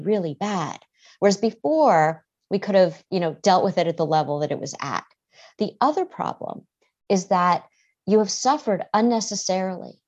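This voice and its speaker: A woman therapist talks calmly through her ideas for a podcast, now and then voicing what people might say. Her voice sits somewhat low. The sound is a bit dull and lo-fi. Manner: calm, explanatory, acts out quoted speech. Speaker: therapist, guest. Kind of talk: podcast interview.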